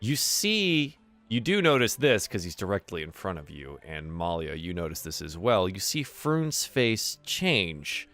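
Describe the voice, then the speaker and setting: A woman narrating a tabletop game as game master, in a relaxed, chatty way with fillers. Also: extremely low pitch, unhurried, few pauses, faint music behind.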